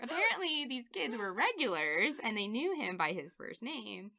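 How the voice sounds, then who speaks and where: Gravelly bright-voiced woman telling stories. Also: medium pitch, moderate pace. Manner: animated storyteller, laughs often. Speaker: podcast guest. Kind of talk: casual storytelling interview.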